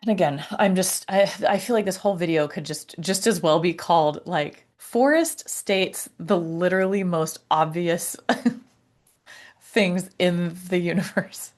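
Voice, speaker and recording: Woman, vlogger, slow, halting, lower voice, personal reflective talk. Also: darkish tone. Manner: halting, searching for words, frequent fillers and restarts.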